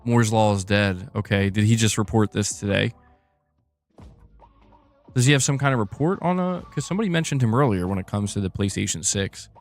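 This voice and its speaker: A man's voice: fairly low pitch, expressive, fairly quick, soft background music. A man hosting a casual live stream about video game news, chatting loosely and reacting to his chat with frequent laughs.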